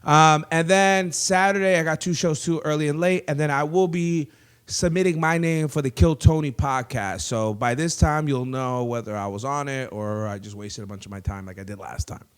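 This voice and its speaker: A man's voice: on the high side, moderate pace, clean tone. A man hosting a comedy podcast in a studio, chatting casually with lots of rambling, laughter and crude asides.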